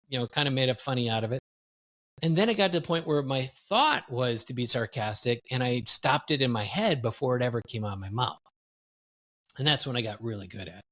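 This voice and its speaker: A man's voice: mid-range voice, normal speed. Guy telling stories on a podcast, candid, pokes fun at himself. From Wisconsin, US. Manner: animated, candid, self-deprecating storyteller. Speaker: guest, executive coach. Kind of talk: storytelling in a podcast interview.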